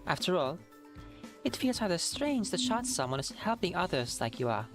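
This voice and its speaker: A woman voicing a formal, courteous woman in a fan game dub, speaking softly and in a measured way. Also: on the low side, very animated, over music. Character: poised, courteous woman client paying a cab fare.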